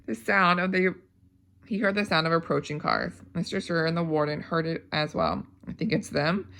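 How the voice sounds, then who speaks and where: A woman reads a novel aloud at a steady pace, with small slips and restarts. Her voice has a gravelly edge. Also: sits low, moderate pace. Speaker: audiobook reader.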